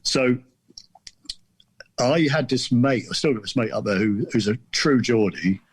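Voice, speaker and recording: Husky-voiced man spinning a rambling yarn. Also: mid-range voice, a little slow, dry recording. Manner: rambling, amused anecdote telling. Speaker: guest author. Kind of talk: casual storytelling chat.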